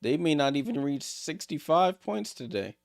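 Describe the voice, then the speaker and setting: A man streaming a basketball watchalong, calling plays in casual, excitable, joking commentary. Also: a little high, normal speed, gravelly, dry recording, clean studio sound. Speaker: streamer hosting a game watchalong. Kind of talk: casual live play-by-play commentary.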